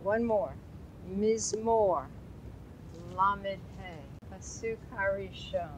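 A woman's voice: lowish voice, a little hiss or hum, poor audio. A woman teaching an informal Hebrew Bible lesson, chatty and quizzing her class. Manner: chatty, asks the class questions, loose asides.

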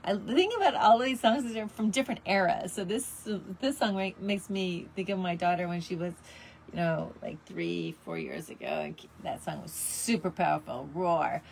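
Middle-aged woman host, slightly low voice, upbeat and encouraging, sings snippets. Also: animated, normal speed, vocal fry, slight background noise. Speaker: show host. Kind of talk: motivational talk.

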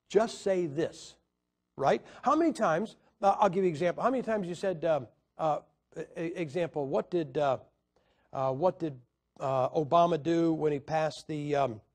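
Male preacher, high voice, combative teaching tone with lots of "uh" pauses. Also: darkish tone. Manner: argumentative, rhetorical questions, hesitant fillers. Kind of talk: Bible teaching lecture.

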